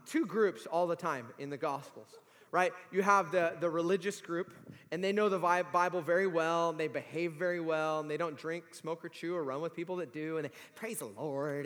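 Brief: high-voiced male preacher, chatty and emphatic, long hall reverb. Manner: conversational, animated, emphatic. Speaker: pastor. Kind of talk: sermon. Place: large hall or church.

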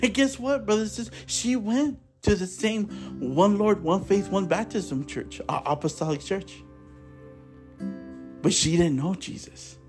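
A man's voice: sits high, a little slow, a little mellow, faint music behind. A man preaching with fervor and telling personal testimonies, repeating his praises and calling listeners brothers and sisters. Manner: impassioned, repetitive, addresses listeners as brothers and sisters; conversational storytelling with restarts. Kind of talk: fervent evangelical preaching and testimony.

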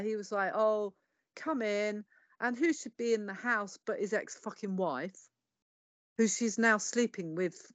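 A middle-aged woman from England, English-accented, shares her life story on a podcast in a medium-pitched, slightly bright voice over a dry recording. She is candid and blunt, swears freely, and performs the lines people said to her.

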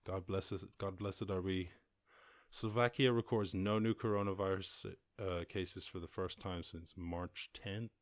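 An Irish podcast host rants alone over news headlines, rambling, cursing, laughing, and constantly interrupting himself. His low voice has fairly even intonation and a slightly slow pace, captured in clean studio sound without echo.

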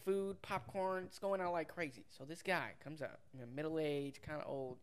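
A man's voice: on the high side, steady tone, normal speed, smooth. A young man telling a work story in casual, profane chat as a podcast co-host. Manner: laid-back, swears casually, mimics customers.

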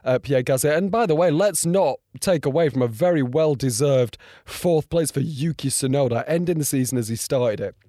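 A young man with a hoarse, strained voice, talking through a race in a casual, excitable and rambling way, full of fillers and restarts. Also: medium pitch, normal speed, hardly any pauses, dry recording, studio quality. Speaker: motorsport video creator. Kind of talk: casual reaction and race breakdown.

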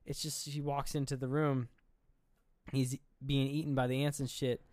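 A man's voice: mid-range voice, little pitch movement, moderate pace, darkish tone, no room sound. A man co-hosting a podcast, casually retelling a film scene by scene in a rambling, profane way. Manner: rambling, profane, acts out scenes in quoted voices. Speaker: podcast co-host. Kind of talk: casual chat recapping a film.

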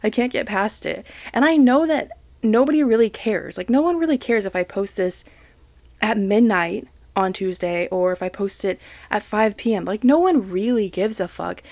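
A woman's voice: mid-range voice, lively intonation, moderate pace, darkish tone, dry recording. Young woman, podcast host, frank rant, self-deprecating, laughs and swears, close dry sound. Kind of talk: casual solo podcast rant. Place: home, other people coming and going.

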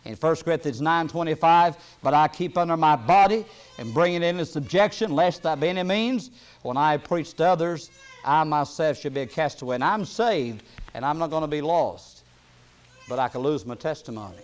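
A man preaching a sermon, reading King James scripture aloud with rising emphasis and dropping soft between readings, with plain folksy asides. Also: on the high side, normal speed.

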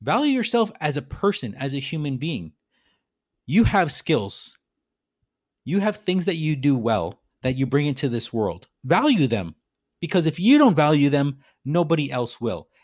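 A man's voice: fairly high pitch, sing-song, normal speed, a little mellow, dry recording, studio quality. A man hosting a reflective business talk, speaking earnestly and repeating phrases for emphasis. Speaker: podcast host.

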